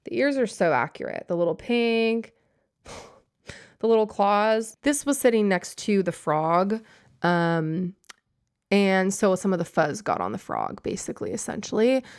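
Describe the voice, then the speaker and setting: A woman's voice: medium pitch, very animated, measured pace, a little mellow, clear, resonant tone. A young woman hosting a podcast, chatting casually and gushing over little keepsakes, with lots of "like" in her talk. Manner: bubbly, gushing, heavy use of "like". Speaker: podcast host. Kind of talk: casual chat.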